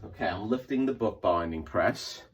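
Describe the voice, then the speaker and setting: A man's voice: animated, normal speed, breathy edge. A man walking viewers through a hands-on comic book restoration in a chatty way, repeating himself as he works. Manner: makes squeaky sound effects in a high voice. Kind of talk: casual hands-on tutorial.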